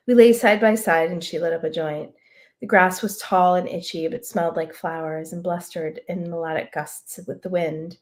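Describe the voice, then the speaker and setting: A woman author reading a prose excerpt aloud in a measured, reflective way. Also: fairly low pitch, fairly even intonation.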